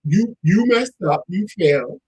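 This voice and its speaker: A man's voice: sits high, lively intonation, measured pace, a little mellow, husky, rough recording. A man hosting a talk show in casual chat, making his points with emphasis and repeating them.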